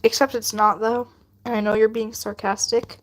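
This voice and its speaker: High-voiced playful woman streamer. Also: little pitch movement, moderate pace. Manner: playful, teasing, laughs often, answers chat. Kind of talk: casual live-stream chat while drawing.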